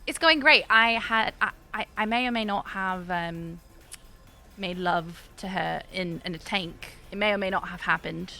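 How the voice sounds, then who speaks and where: A woman's voice: medium pitch, unhurried, sharp tone, soft background music. A woman game streamer chatting playfully with her chat as she plays, giggling often. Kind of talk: casual live-stream chat while playing.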